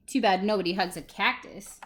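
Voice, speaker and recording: A woman's voice: mid-range voice, fairly quick, fairly bright tone, a little hiss or hum, natural voice. A woman voicing a laid-back male cowboy in a picture book. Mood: dry.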